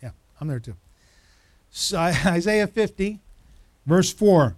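Pastor, male, high voice, dry sound; quizzes the room, then hammers points home with repetition. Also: animated, measured pace, no room sound. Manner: asks the congregation questions, builds to emphatic repetition. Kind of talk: interactive sermon.

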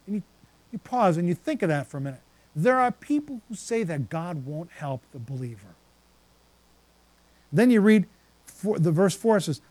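A man's voice: high voice, big pitch swings, normal speed, pauses often, darkish tone, no echo. A man preaching a sermon, reading scripture passages aloud and then stopping to reflect on them.

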